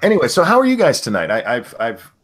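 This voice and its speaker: A man's voice: mid-range voice, wildly swooping pitch, fast, fairly bright tone. An older man hosting a casual livestream chat, telling stories with swearing and jokes. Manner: profane, joking storyteller. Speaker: stream host.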